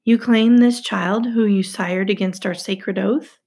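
A woman's voice: medium pitch, steady tone, unhurried, darkish tone. A woman reading aloud voices a stern, menacing male sky god who grumbles and threatens.

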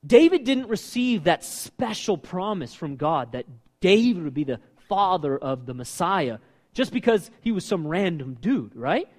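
Pastor guy preaching, lively and questioning the crowd, high voice, echoey big room. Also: a little slow. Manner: animated, asks the congregation questions. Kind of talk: sermon. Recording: long reverb of a hall.

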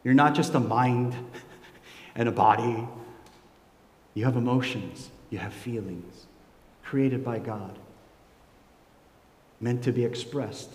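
A man in his forties preaching a sermon as pastor, swinging from soft low asides to loud, high emotional peaks. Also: slow pace, long pauses. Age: 40s. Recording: echoey hall with long reverb.

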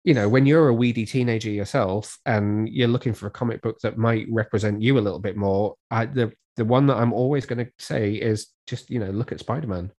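Low-voiced man describing comic panels. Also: brisk, hardly any pauses. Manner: relaxed and enthusiastic, describes panels in detail. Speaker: guest. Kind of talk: casual comics review chat.

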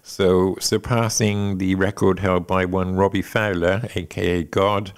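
Man, podcast co-host, low gravelly voice, rambling casual chat. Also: level tone, unhurried. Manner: rambling, filler-heavy, chuckling asides.

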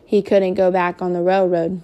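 A woman reads as a shy, hesitant farm boy who stammers over his words. The voice stays mellow and low with little rise and fall. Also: flat delivery, normal speed, dull audio, lightly acted.

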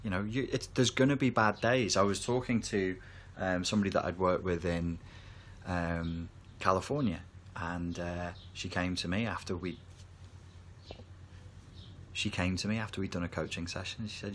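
A man talking to camera as a therapy coach, calm and reassuring as he explains. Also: low-pitched, normal speed, slight background noise. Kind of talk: reflective talk to camera.

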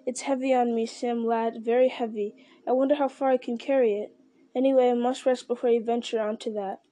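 A woman voicing an exhausted young male hobbit who speaks in a soft, weary murmur during a storybook reading. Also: on the high side, steady tone, fairly quick, natural voice.

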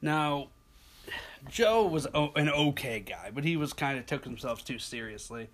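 Young male storyteller, slightly high voice, animated, casual chat. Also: a little slow. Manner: animated, slips into impressions of friends.

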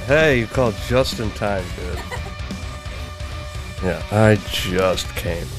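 A man's voice: lowish voice, slow pace, music in the background. A man hosting a podcast, delivering a crude, irreverent comedic monologue full of swearing. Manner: profane, irreverent, joking. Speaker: podcast host.

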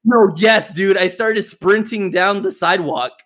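A man's voice: high-pitched, a little slow, a bit bright, poor audio. A young man hosting a casual podcast over a voice call, telling a story with plenty of laughter and swearing. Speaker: podcast host. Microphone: remote call mic.

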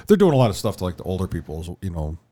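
A man's voice: low-pitched, sing-song, very fast, mellow. A man co-hosting a podcast, telling a story in casual chat and acting out the quotes. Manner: rambling storyteller, acts out quotes. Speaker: podcast co-host.

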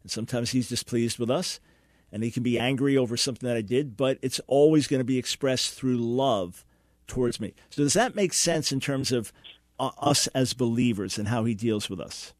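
A man's voice: medium pitch, moderate pace, no echo, clean studio sound. A man hosting a radio call-in show, earnestly explaining and answering a caller's question, sometimes acting out quoted dialogue.

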